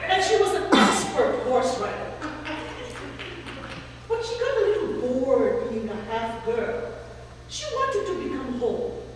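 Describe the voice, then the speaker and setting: A woman's voice: high-pitched, big pitch swings, unhurried, pauses often, noisy background. A woman telling a folk tale to an audience with playful, laughing asides. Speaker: storyteller. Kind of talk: animated oral storytelling. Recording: echoey hall from far off.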